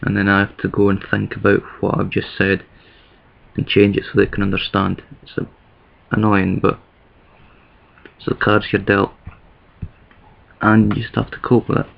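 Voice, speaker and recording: Low gravelly Scottish man, flat delivery. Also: normal speed, long pauses, lo-fi sound. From east of Scotland. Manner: rambling, thinks aloud with many restarts. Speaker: vlogger. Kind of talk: casual talking-to-camera vlog.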